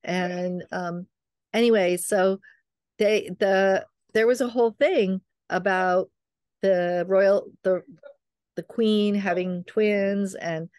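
A woman's voice: medium pitch, fairly even intonation, slow, darkish tone, clear, resonant tone, no room sound, clean studio sound. An older woman, a midwife and author, chatting as a guest and rambling through family stories, acting out what her relatives said. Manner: chatty, rambling, acts out quoted family members. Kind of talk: casual storytelling conversation.

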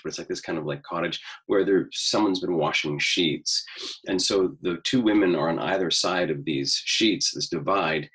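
Male acting coach, deep and husky, chatty lecture delivery with frequent fillers. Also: fairly bright tone, rough recording. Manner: talkative, explains at length with many fillers. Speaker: acting teacher. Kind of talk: lecture on a film scene.

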